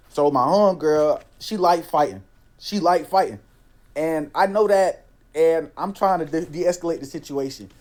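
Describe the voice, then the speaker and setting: A man's voice: fairly high pitch, normal speed, darkish tone. A young man casually telling a story, with lots of slang, saying "bro" constantly and acting out what people said.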